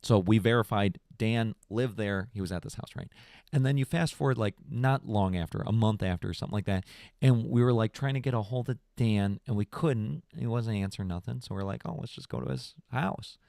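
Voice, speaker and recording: A young man hosting a podcast stream, telling stories in a rambling, animated casual chat and calling people "bro". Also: on the low side, brisk, creaky, no room sound, studio quality. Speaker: podcast host.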